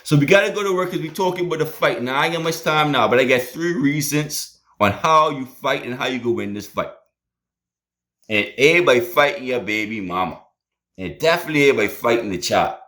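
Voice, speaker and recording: A man's voice: medium pitch, animated, fairly quick, fairly bright tone. A man preaching a sermon, emphatic and storytelling, with repeated rallying phrases.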